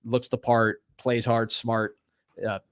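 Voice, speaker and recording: A man's voice: mid-range voice, flat delivery, takes it slowly, no echo, studio quality. A man co-hosting a podcast, in casual sports chat, rambling through confident opinions. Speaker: podcast co-host.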